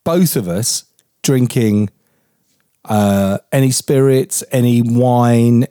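A man's voice: mid-range voice, slow pace, dark tone, no echo, clean studio sound. A man in his forties from England, co-hosting a podcast in casual chat, laughing often and swearing freely. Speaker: podcast co-host.

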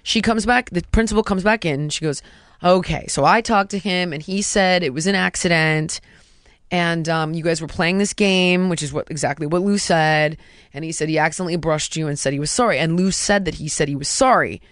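This thirties-aged woman speaks fairly quickly in a fairly low voice as she recounts something that happened to her, chatting casually. She's emphatic and lively, strings together rhetorical questions, and goes quiet when quoting someone, all in studio-quality audio with no room sound.

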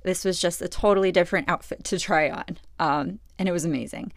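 A middle-aged woman telling a personal story in an earnest, reflective way, with many fillers and pauses. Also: lowish voice, creaky, dry recording, clean studio sound. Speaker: podcast host.

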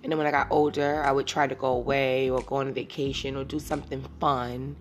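A woman's voice: extremely low pitch, little pitch movement, fast, few pauses, music in the background. A woman in her thirties hosting a casual solo podcast, talking candidly and rambling, sometimes teary and emotional. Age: 30s. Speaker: podcast host.

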